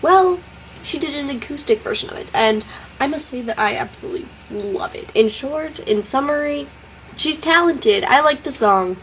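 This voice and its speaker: Young southern woman vlogger, higher voice, dry self-mocking asides, faint room hum. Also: expressive, moderate pace, a bit bright, rough recording. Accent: Southern American. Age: young adult. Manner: chatty, wry and self-mocking. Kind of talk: casual vlog storytelling.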